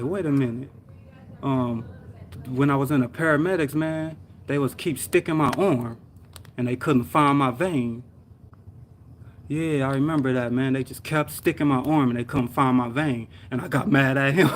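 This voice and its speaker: A young man on a live stream, telling a story in a rambling, slangy way, full of sound words and fillers. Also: mid-range voice. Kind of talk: casual storytelling vent. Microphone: live stream mic.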